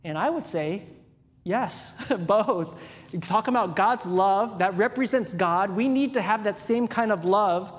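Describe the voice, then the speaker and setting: Pastor, male, high voice, chatty sermon delivery with questions to the room, long hall reverb. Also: measured pace. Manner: conversational, asks the congregation questions.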